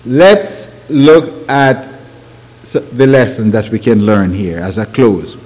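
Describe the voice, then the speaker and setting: A man's voice: fairly low pitch, lively intonation, slow, a little mellow. A man preaching a sermon, with grammar, rhetorical questions and emphatic rising phrases. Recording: long hall reverb.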